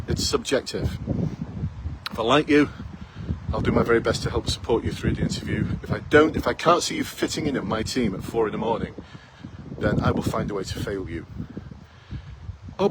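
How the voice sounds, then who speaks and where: A man's voice: mid-range voice, a little fast, heavy background noise. A man in his fifties, a police recruitment coach giving blunt, challenging advice full of rhetorical questions, recorded outdoors in a town. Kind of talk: direct advice to camera.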